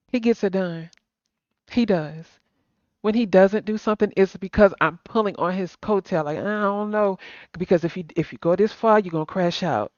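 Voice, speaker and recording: A woman's voice: mid-range voice, dry recording, dull audio. Blunt sleepy woman host. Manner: blunt and emphatic, swearing. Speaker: stream host. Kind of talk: casual live-stream chat.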